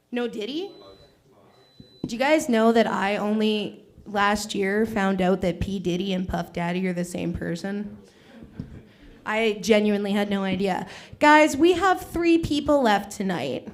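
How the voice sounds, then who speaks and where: A woman's voice: medium pitch, a little slow. A young woman hosting an open mic comedy night, chatty and teasing the crowd between acts. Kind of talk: live stand-up hosting. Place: small comedy stage.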